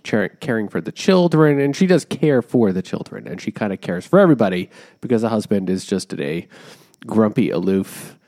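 A man's voice: low-pitched, dark tone. A man in a casual book discussion, explaining the story with dry humor.

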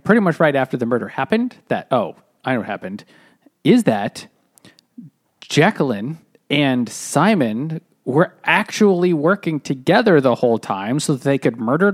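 A man co-hosting a book podcast, explaining the mystery's solution step by step in casual talk. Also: mid-range voice. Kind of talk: casual book-club banter.

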